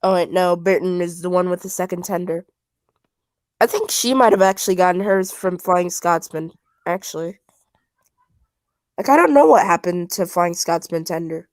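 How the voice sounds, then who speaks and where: A woman's voice: on the low side, moderate pace, darkish tone, no room sound. A woman in casual stream chat, rambling with lots of fillers. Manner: rambling, filler-heavy, nerdy train talk. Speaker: stream co-host.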